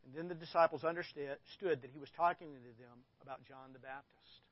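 A man's voice: medium pitch, brisk, no room sound, muffled recording. A man preaching a sermon as a pastor, talking casually and reading scripture aloud with rising emphasis. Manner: conversational, reads scripture with emphasis.

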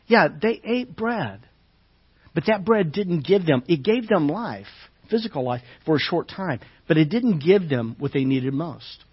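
A male pastor delivers a sermon in a high, bright-edged voice, reading scripture with building emphasis and breaking off for casual asides to his listeners. The sound is muffled and lo-fi, like a church livestream. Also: big pitch swings, moderate pace, breathy edge. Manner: reads scripture aloud with rising emphasis, asides to congregation.

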